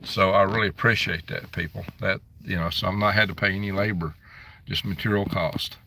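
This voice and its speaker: Gravelly man reading viewer comments. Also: low-pitched, fairly even intonation, brisk, sharp tone, far from the mic, slight background noise. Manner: reads out viewer comments and locations; chatty, grumbling asides. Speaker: live stream host. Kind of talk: casual live stream chat. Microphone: phone.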